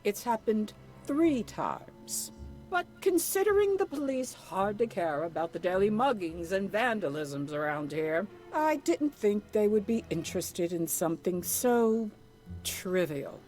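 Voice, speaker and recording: A wary flower shop owner. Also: female voice, medium pitch, sing-song, unhurried, darkish tone, soft background music. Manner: wary, clipped, formal. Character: guarded middle-aged woman flower shop owner. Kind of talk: voiced game dialogue.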